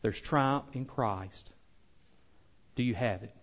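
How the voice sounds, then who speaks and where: A pastor preaching a sermon with impassioned swells that drop to soft, earnest appeals. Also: male voice, mid-range voice, slow, pauses often, highs cut off. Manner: impassioned preaching, rising loud then softening.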